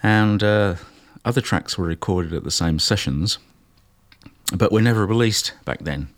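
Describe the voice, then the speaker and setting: A man hosting a jazz radio show, talking casually and unhurriedly between tracks with plenty of pauses and fillers. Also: lowish voice.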